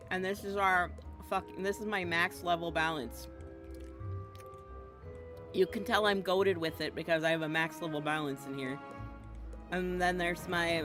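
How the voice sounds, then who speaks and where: A woman streaming a video game in casual, rambling chatter, often giggly and jumping between topics, sometimes mumbling to herself while she eats. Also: fairly low pitch. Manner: talks while eating, mumbling "yum" and "nom" to herself.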